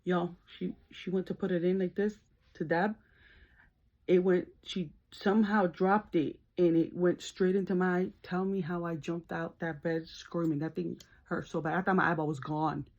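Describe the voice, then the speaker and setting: Chatty woman vlogger on dull lo-fi audio. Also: moderate pace. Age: adult, works as a nurse. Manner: chatty and animated, laughs, slips into high-pitched screams when retelling. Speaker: beauty vlogger. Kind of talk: casual storytelling makeup tutorial.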